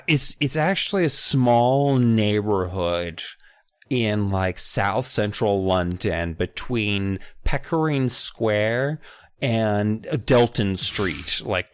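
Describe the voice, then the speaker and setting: A man on a podcast, reading a horror book aloud with drama and then recapping it with jokes and loud shouted character lines. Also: on the low side, slow pace, clear, resonant tone. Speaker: podcast co-host.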